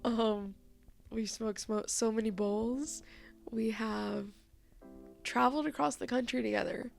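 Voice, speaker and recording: Teary woman with a gravelly voice. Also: a little high, steady tone, a little slow, faint music behind. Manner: emotional, laughing through tears, casual swearing. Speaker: co-host. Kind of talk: heartfelt message to a friend.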